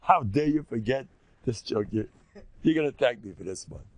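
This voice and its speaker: A man's voice: medium pitch, expressive, normal speed, no echo. An older man, a rabbi giving a rambling, joking religious lecture and teasing his listeners.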